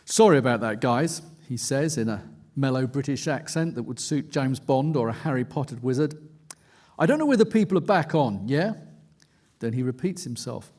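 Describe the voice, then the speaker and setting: A man, an investigative journalist, reading aloud from his own book at a conference, in a measured, dry storytelling manner. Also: medium pitch, darkish tone. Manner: measured, dry storytelling read with quoted asides. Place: conference stage.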